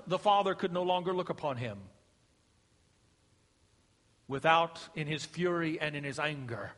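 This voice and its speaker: A middle-aged man delivers a sermon in a high, ringing voice. He preaches with emphatic rises that sink to hushed, drawn-out lines. His voice carries a long reverb. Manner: emphatic preaching, rising and dropping to a hush. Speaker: pastor.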